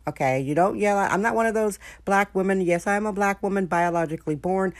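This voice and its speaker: Speaking quickly at medium pitch, this San Francisco podcast host shares a casual story. Her frank, chatty delivery addresses listeners directly, and the recording is dry with clean studio sound.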